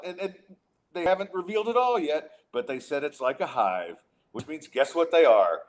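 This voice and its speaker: A man's voice: a little high, big pitch swings, normal speed. A middle-aged man hosting a podcast, chatting casually and ranting with sarcasm and frequent restarts. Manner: exasperated, sarcastic, many restarts. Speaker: podcast host.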